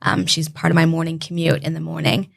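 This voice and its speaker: A woman's voice: low voice, completely flat delivery, fairly quick, vocal fry. A young woman from Canada, a podcast guest telling her story in an earnest, heartfelt way. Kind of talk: casual interview chat.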